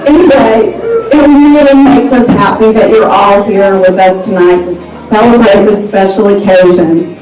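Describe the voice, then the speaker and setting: A woman's voice: mid-range voice, measured pace, darkish tone, far from the mic, some chatter behind. Woman, party host, grateful thank-you, echoey room, music behind. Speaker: anniversary host.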